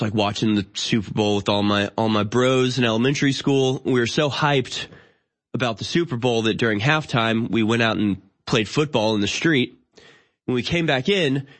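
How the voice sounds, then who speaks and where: A man in his thirties hosting a talk show, delivering an opinionated monologue. He rants in an exasperated, incredulous way, with sardonic asides and halting restarts. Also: mid-range voice. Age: 30s. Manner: halting, with frequent restarts and fillers. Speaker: show host.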